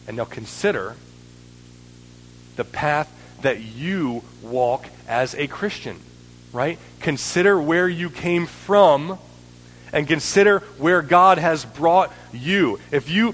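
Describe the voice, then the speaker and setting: A man's voice: a little high, fairly bright tone. Earnest male preacher in a reverberant hall. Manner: earnest, building in intensity, frequent "right?" checks. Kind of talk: sermon.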